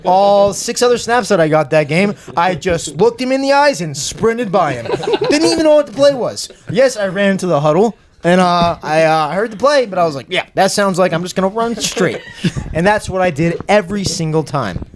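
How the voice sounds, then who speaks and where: A young man guesting on a podcast tells a long story in a casual, self-mocking way, animatedly acting out what the people in it said. His voice sits high and moves at a normal speed, with a crowd audible behind him.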